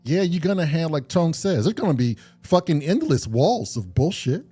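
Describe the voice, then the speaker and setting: A man's voice: fairly high pitch, very animated, normal speed, warm tone, breathy edge, soft background music. A man on a podcast talking earnestly and reflectively, swearing casually and often restarting his sentences. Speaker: podcast co-host.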